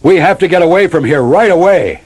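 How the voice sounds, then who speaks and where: A man's voice: fairly high pitch, animated, brisk, a little mellow, breathy edge, voice pushed up. A man reading aloud and voicing a young male farm dog who is nervous but stubborn. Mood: earnest. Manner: raised, earnest storybook voice.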